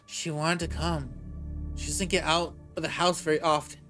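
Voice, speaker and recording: A man's voice: a little high, little pitch movement, normal speed, pushed and bright, soft background music. A man voicing an intense old man with a faint Russian accent, speaking in an insistent way.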